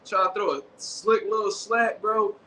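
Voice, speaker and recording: A man hosting a casual commentary show, talking in animated slang. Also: sits high, measured pace. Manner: animated, slangy, acts out quotes. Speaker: boxing show host. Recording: echoey room with faint background noise.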